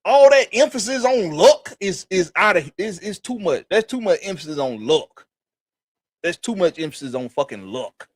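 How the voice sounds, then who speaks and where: A man's voice: high voice, sing-song, normal speed, dry recording, clean studio sound. A man hosting a sports podcast, talking heatedly with lots of repetition and swearing. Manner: emphatic, repetitive, swears freely. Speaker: podcast host. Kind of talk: heated casual sports talk.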